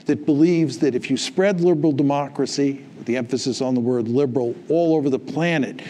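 Mellow-voiced man lecturing emphatically. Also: medium pitch. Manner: emphatic, lecturing, tags points with "right?" and "okay?". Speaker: guest author answering questions. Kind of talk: public talk Q&A.

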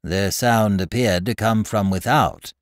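Man voicing a smooth, eager courtier. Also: on the low side, unhurried, dry recording, clean studio sound, close to an everyday voice. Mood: helpful. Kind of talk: dramatic audiobook reading.

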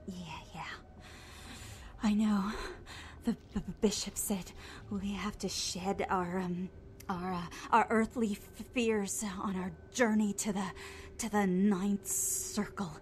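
A woman's voice: medium pitch, steady tone, a little mellow, slight background noise, close to an everyday voice. An actress voicing a terrified, timid young female cult member in a video game, stammering in half-whispers. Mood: frightened. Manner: halting, frightened speech full of restarts.

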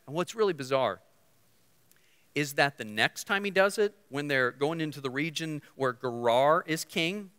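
A male pastor preaching a sermon, swinging from loud to hushed and leading the congregation in call-and-response. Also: fairly high pitch, lively intonation, moderate pace, clear, resonant tone. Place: church sanctuary. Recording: long church hall reverb.

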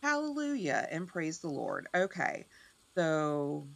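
Chatty gamer woman, talks to herself a lot, gravelly voice, pitch all over the place. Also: slow. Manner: chatty, self-deprecating, excitable. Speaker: streamer. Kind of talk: casual game commentary.

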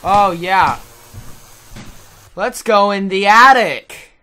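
Young woman playing a horror game, lively swoopy voice, bright, slow talker, cursing a lot. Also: medium pitch, low-quality recording. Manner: frustrated, exclaiming, swearing. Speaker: gaming video host. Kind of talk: let's play commentary.

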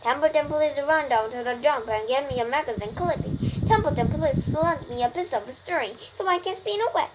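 A lazy, self-pitying rat from a storybook, drawling sarcastic complaints, as a woman reader puts him on. She is a native Korean speaker. Clear background noise runs under the reading. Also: fairly high pitch, measured pace, natural voice. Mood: sarcastic grumbling. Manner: sarcastic, grumbling.

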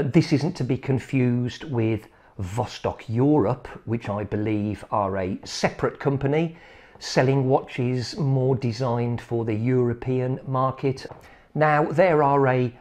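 A man's voice: medium pitch, a little mellow. A man chatting casually as he reviews a watch, rambling and poking fun at himself with small laughs. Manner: rambling, self-deprecating, chuckles at himself. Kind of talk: casual chat.

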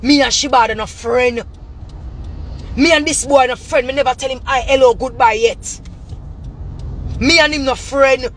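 A woman's voice: sits high, normal speed, long pauses, slight background noise. A woman with a Jamaican Patois accent delivering an angry, profane, repetitive rant straight to camera. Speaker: vlogger.

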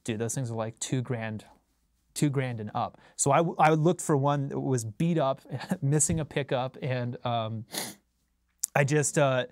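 A man's voice: mid-range voice, unhurried, no room sound. Laid-back chatty man, dry close sound. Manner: laid-back, rambling, chuckles often. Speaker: bassist hosting a livestream. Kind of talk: casual livestream chat with viewers. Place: recording studio.

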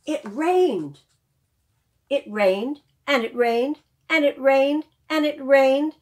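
A woman librarian reading a picture book aloud for small children, in an expressive, sing-song way. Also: sits high, slow pace, poor audio.

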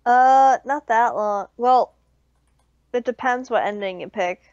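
A woman's voice: fairly high pitch, slow pace, darkish tone, clear, resonant tone, no echo. A young woman casually explaining game endings to a friend who is playing. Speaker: co-player giving tips. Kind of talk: casual chat. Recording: dull mic with faint noise.

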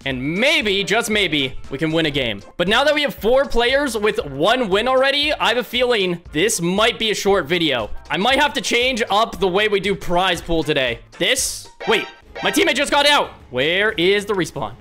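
A young man giving excitable gameplay commentary as a gaming video host, often yelling at his teammates. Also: high-pitched, normal speed, faint music behind. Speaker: gaming YouTuber.

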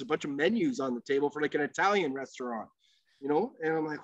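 As a podcast guest, a man with a slightly higher voice spins a long, meandering hockey story, swearing casually and packing his sentences with "like" and "you know." He talks fast, and the audio is dry, muffled lo-fi podcast sound with no room echo.

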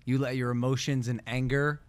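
A man's voice: mid-range voice, flat delivery, fairly quick. A man hosting a podcast in casual chat, teasing and ready to argue a point. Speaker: podcast host.

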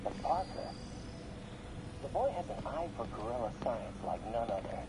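An actor playing an older male scientist recording a log, measured and earnest, over background noise. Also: medium pitch, big pitch swings, lightly acted.

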